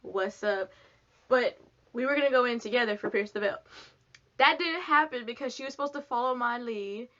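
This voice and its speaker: A young woman from Texas, telling a casual storytime to camera in a chatty, animated way, acting out what people said. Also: a little high, normal speed. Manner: chatty, animated, lots of "like", acts out quotes. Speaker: vlogger. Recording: dull lo-fi sound.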